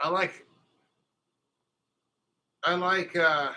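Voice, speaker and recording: Forceful, crude ranting man. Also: fairly high pitch, fairly even intonation, unhurried, slight background noise, low-quality recording. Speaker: livestreamer. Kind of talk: livestream rant.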